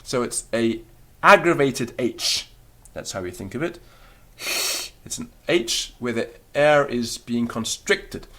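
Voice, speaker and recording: A man's voice: medium pitch, expressive, a little slow. A man teaching a recorded beginner language lesson, explaining patiently and demonstrating the sounds aloud.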